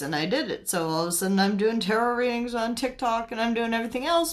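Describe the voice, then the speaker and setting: A woman's voice: fairly high pitch, a little fast. A young woman from Canada hosting a spiritual livestream, chatting casually in a giggly, scattered way and answering her viewers' comments.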